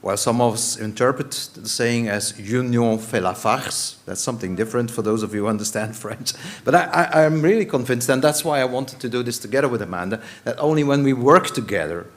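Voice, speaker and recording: A man's voice: mid-range voice, brisk, few pauses. A man from Belgium, giving a conference presentation on stage in a wry, joking, emphatic way. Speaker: conference speaker.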